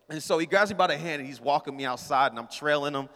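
A man with a high voice preaching a storytelling sermon, casual and playful as he calls out to his congregation. His words ring out with a long reverb from the hall around him. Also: fast talker, pushed and bright. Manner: casual, playful, talks to the crowd. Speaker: pastor.

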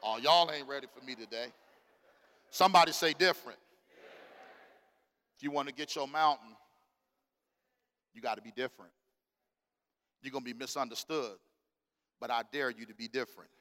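A middle-aged man preaching a sermon, animated and slang-filled, calling out to the congregation in a church. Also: mid-range voice, moderate pace, long pauses, in a large hall. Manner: casual slang-filled delivery. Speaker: pastor. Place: church sanctuary.

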